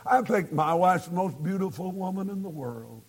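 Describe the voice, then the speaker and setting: A man's voice: high voice, lively intonation, normal speed, darkish tone, slightly rough. A man preaching a sermon, telling folksy stories and building to fervent emphasis.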